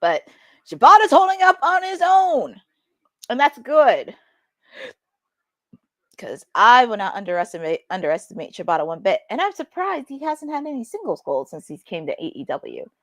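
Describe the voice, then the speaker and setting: A woman's voice: a little high, very animated, moderate pace, a bit bright. A woman co-hosting a wrestling watch-along, giving casual live commentary in a chatty, wry, sarcastic way.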